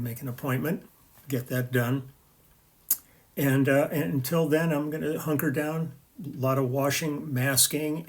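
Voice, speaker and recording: Older guy chatting to camera, rambling, lots of uhs and restarts, mid voice. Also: mid-range voice. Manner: rambling storyteller with fillers and restarts. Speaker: session bassist and video host. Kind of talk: casual chat to camera.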